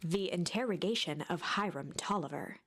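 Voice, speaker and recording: A woman narrating a storybook game in a hushed, suspenseful voice that often drops near a whisper. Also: fairly low pitch, expressive, normal speed. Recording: game audio with clear music bed. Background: game music.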